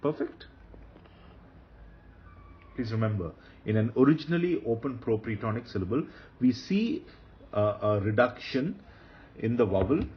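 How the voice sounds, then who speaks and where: A man's voice: mid-range voice, very animated, normal speed, pauses often. A man teaching Hebrew grammar in a recorded lecture, patiently repeating key rules and asking his listeners rhetorical questions. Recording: dull lo-fi recording.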